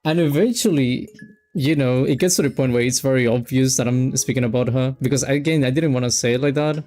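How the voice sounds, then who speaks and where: A man's voice: medium pitch, fairly quick, a little mellow, soft background music. A man streaming a game, telling a personal story in a rambling, self-interrupting way. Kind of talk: casual storytelling while gaming.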